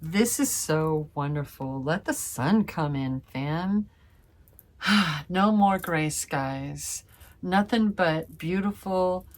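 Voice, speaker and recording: A woman giving a casual tarot reading to her viewers, gushing and effusive, calling them fam and swearing playfully. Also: fairly low pitch. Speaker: tarot reader.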